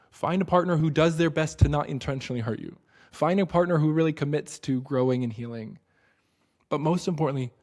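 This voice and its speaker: A man in his thirties hosting a book study, speaking in an earnest, reflective way and slowing down to stress key points. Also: mid-range voice, a little mellow. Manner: casual fillers and restarts. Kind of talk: reflective spoken talk.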